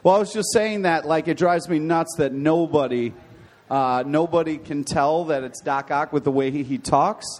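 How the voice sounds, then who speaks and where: A man co-hosts a comedy podcast, rambling earnestly and getting exasperated with his friends. His voice sits a little high. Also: moderate pace, a little mellow. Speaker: podcast co-host.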